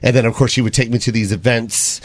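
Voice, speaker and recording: A man chatting as a comedian guest on a talk show, telling animated, joking stories. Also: medium pitch, fast talker, dry recording. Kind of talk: casual talk-show chat.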